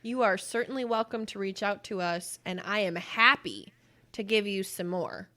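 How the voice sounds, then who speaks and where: A woman's voice: mid-range voice, lively intonation, normal speed, bright, forceful tone. A woman co-hosting a podcast in casual chat, blunt and profane, acting out quoted voices as she tells stories. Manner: acts out quoted voices while telling stories. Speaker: podcast co-host.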